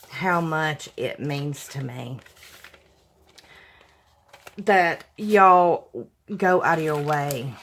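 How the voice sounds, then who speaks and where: A middle-aged woman with a drawl talks slowly and effusively, as if chatting with friends. She sighs and gushes with warm emotion while opening packages, and paper crinkles in the background. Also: deep voice, a little hiss or hum. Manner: gushing, effusive, sighing with emotion. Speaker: crafting vlogger opening fan mail. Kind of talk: casual unboxing chat to viewers.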